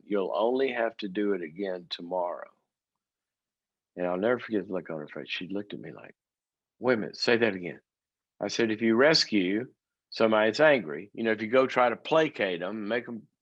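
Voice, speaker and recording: A man with a low voice, a psychologist who hosts his own talk show. He tells stories to a studio audience with animated timing and briefly plays the people he quotes. The sound is dry and a little muffled. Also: no echo.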